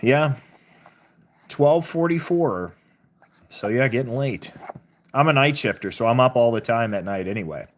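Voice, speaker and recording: A woman's voice: very deep voice, lively intonation, a little slow, pauses often. A woman from southern Missouri with a Southern accent, hosting a casual live stream, chatting with viewers and reading their comments aloud. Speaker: livestream host.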